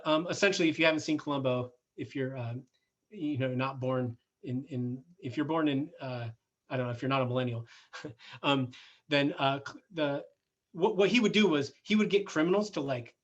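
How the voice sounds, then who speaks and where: A man's voice: fairly high pitch, dull audio. A middle-aged man giving a conference talk in a conversational way, with fillers and self-corrections. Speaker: conference speaker. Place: conference hall.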